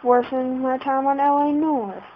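A woman's voice: high-pitched, unhurried, slight background noise. A woman giving casual let's-play commentary, flustered and exclaiming in panic as she plays. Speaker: gamer. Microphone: laptop setup. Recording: dull lo-fi home recording.

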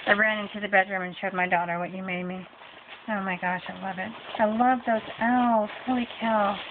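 A woman's voice: mid-range voice, fairly even intonation, a little fast. A middle-aged woman chatting casually in her home hallway as she opens a craft swap package, gushing and exclaiming over each item. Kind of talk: casual unboxing chat. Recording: tinny lo-fi audio with hiss.

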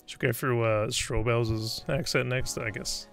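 Faint music runs behind this Australian-accented streamer and game developer as he codes live and chats casually. His mid-range voice is steady, unhurried, and fairly bright with vocal fry, and he rambles, thinks aloud, and often starts over.

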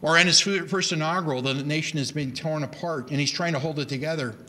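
Bright-voiced man lecturing with emphasis. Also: a little high, fast talker. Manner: animated, emphatic, with many repeated starts. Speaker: reading education speaker. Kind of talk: lecture to an audience.

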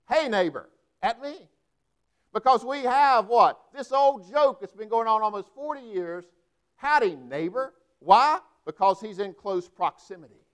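A man's voice: sits high, clear, resonant tone. A man, a pastor preaching a sermon with emphatic delivery and frequent rhetorical questions. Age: 40s.

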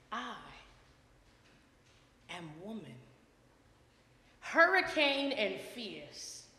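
A woman delivers spoken word poetry with a bright, forceful edge and an unhurried pace. She moves dramatically between hushed lines and loud ones. Her voice rings out in a room with a long, echoing tail. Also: on the high side. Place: art gallery event before a live audience. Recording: echoey room with long reverb.

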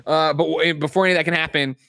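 A man in his thirties talks through a movie plot at a fast clip, swearing casually and slipping into quick impressions of the characters. His voice is recorded close and dry, with no room sound around it. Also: on the high side, fairly even intonation, gravelly, sharp tone, dry recording. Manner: swears casually, acts out characters' lines while retelling scenes. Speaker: podcast co-host. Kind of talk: casual movie recap chat. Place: home setup, remote show.

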